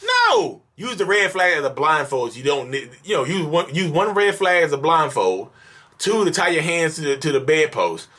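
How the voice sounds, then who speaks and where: A man's voice: fairly high pitch, very animated, normal speed, sharp tone. A man ranting in an exasperated, repetitive, pleading way at his viewers in a vlog monologue, calling them y'all. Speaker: mental health vlogger.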